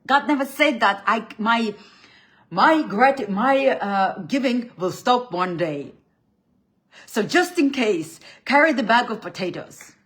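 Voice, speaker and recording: This is a woman's faith talk, blunt and preachy, given in the role of a spiritual coach. She is animated but slow, moving from forceful loud bursts to hushed low lines while repeatedly restarting and repeating words.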